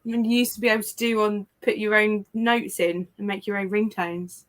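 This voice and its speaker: A woman's voice: mid-range voice, flat delivery, normal speed. A woman from England in casual chat with friends, chatty and jokey, swearing freely.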